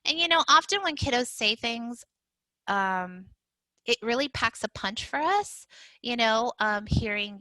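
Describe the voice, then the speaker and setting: Woman, educator, parenting talk, conversational, lots of fillers, bright tone. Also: medium pitch, normal speed, no room sound, low-quality recording. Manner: conversational, many fillers and restarts. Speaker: early childhood educator.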